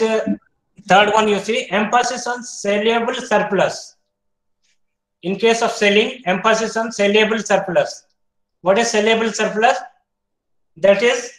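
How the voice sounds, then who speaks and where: A man with an Indian English accent giving an online university lecture, explaining step by step, quizzing students, often pausing with "uh". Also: high-pitched, fairly bright tone, echoey room, low-quality recording. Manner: explains step by step, asks students questions, frequent "uh" fillers.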